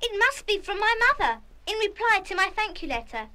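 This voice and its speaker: A woman voicing a shy, tender-hearted schoolgirl who gushes softly, in 1970s radio play style. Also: very high voice, very animated, brisk, heavily acted. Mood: bewildered. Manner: breathless, gushing delight turning to quiet hurt.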